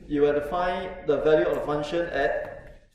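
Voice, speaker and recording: A man's voice: fairly high pitch, fairly even intonation, moderate pace, a little mellow, dull audio. A man teaching a math class, chatting with students and asking "no?" often, with lots of fillers. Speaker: math lecturer. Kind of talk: live classroom lecture. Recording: echoey classroom from far off, faint noise.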